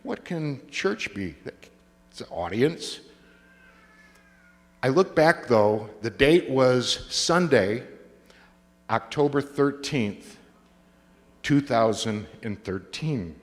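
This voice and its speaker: A man's voice: medium pitch, expressive, slow pace, long pauses. A man giving a testimony talk, telling his story with comic timing and acting out the voices of the people he quotes. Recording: long reverb of a large hall.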